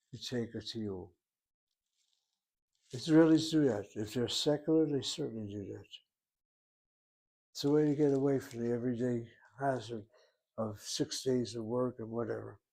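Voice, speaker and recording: A man teaching a language lesson, patiently explaining and repeating words slowly so learners catch the pronunciation. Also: mid-range voice, fairly even intonation, gravelly, mellow. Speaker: Hebrew teacher.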